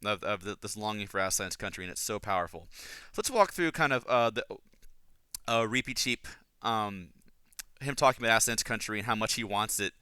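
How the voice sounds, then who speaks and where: A man hosts a podcast in a bright, crisp, clear voice, talking casually and eagerly through his analysis. He rambles and restarts his sentences often, his enthusiasm carrying him along. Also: on the low side, lively intonation, brisk, no room sound. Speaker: podcast host. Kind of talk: casual book and film analysis.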